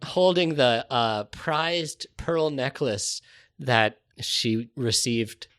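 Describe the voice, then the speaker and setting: Guy rambling thru a goofy improv story, slow, lots of ums. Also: medium pitch, a bit bright. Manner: rambling, giggly, filler-heavy. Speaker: podcast co-host narrating. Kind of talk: improvised comedy narration.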